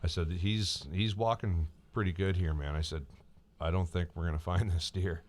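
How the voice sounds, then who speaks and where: A man's voice: low voice, fairly even intonation, moderate pace, darkish tone. A man co-hosting a casual talk show, telling a long story and quoting himself, often repeating words. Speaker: podcast co-host.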